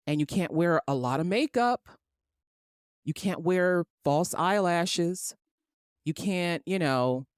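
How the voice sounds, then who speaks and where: A woman's voice: on the low side, darkish tone, dry recording, studio quality. A middle-aged woman hosting her own podcast, ranting emphatically and with exasperation, swearing freely. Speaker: podcast host. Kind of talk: ranting solo podcast monologue.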